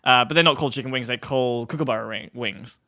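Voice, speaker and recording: An Australian man co-hosting a podcast, chatty and quick to laugh in casual conversation. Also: medium pitch, sharp tone. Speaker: podcast co-host. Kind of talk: casual chat.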